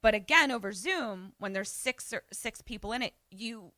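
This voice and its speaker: A woman co-hosting a podcast, casually retelling a film and acting out the characters' lines with animated voices. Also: medium pitch, normal speed, no room sound. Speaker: podcast co-host. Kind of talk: casual film recap chat.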